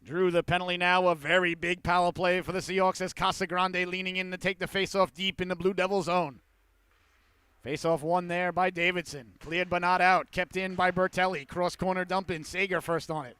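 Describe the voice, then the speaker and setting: A man calling a youth hockey game play-by-play, with rapid calls that rise to excited shouts on goals. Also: high voice, smooth, no echo. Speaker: play-by-play commentator.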